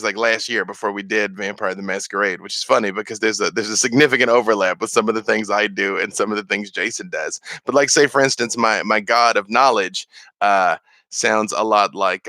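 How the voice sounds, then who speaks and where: A man's voice: fairly low pitch, sharp tone, no echo. A man answering viewer questions on a casual live stream, rambling with many fillers and restarts. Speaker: streamer and game master.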